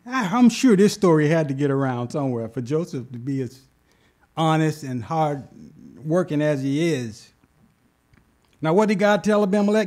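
A man preaching a sermon, retelling scripture with animated bursts and asking the congregation "okay?". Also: a little high, moderate pace. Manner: animated, rises loud when acting out scripture; addresses congregation with "okay?" asides. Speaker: pastor.

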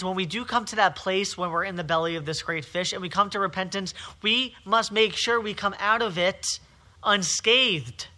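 High, very bright-voiced man preaching. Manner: emphatic, repetitive preaching with rising and falling intensity. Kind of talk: sermon.

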